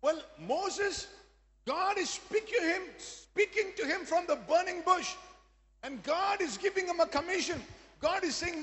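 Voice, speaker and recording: A man's voice: extremely high pitch, animated, unhurried, pushed and bright. A man preaching a sermon as pastor, emphatic, often asking the congregation if they are with him. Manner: emphatic preaching with call-and-response asides. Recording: long hall reverb.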